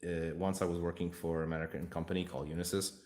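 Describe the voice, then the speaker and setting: A man's voice: low-pitched, level tone, fast, a little mellow. A man from Hungary with a Hungarian accent, hosting a casual livestream chat and talking in an outspoken, rambling way. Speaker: livestream host.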